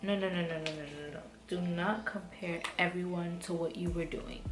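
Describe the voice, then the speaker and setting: A young woman vlogger tells a storytime monologue in a heated, profane, rambling way, peppered with "like" and restarts. Her voice sits on the low side with fairly even intonation at a normal speed. Music plays behind her.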